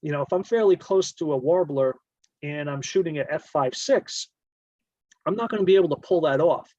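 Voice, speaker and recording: A man presents a casual slideshow on photography, his voice sitting a little high. He explains things loosely and often backs up to rephrase. The sound is dull and lo-fi, with no room echo at all. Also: moderate pace, warm tone. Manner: explanatory, rambling, self-correcting.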